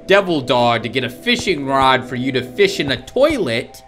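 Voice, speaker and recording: A man's voice: mid-range voice, sing-song, normal speed, fairly bright tone, soft background music. A man co-hosting a horror game playthrough, mocking his partner with sarcastic, profane jokes. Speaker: co-host playing a horror game. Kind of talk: gaming commentary.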